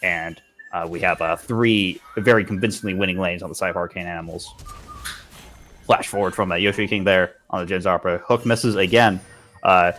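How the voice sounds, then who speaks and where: A man doing fast play-by-play esports commentary, often restarting and repeating words as the action moves. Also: low voice, fairly even intonation, fairly bright tone, slight background noise. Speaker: esports caster.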